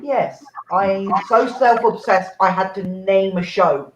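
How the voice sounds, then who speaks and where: A man hosting an online comedy show chats casually in a sweary, self-mocking way, typical live-stream banter. His voice is high-pitched and he takes it slowly. The audio is from a roomy, dull home mic with faint noise.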